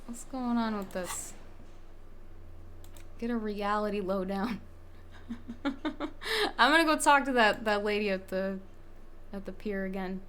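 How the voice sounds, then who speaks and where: A woman's voice: medium pitch, measured pace, long pauses, fairly bright tone, slight background noise. A young woman streamer giving rambling, swearing commentary while playing a game. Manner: swearing, rambling, self-interrupting. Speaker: let's-play streamer.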